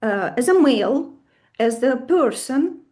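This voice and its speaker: A woman teaching an astrology class, animated, asking her students questions and acting out stories. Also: high-pitched, measured pace. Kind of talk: live lesson with stories.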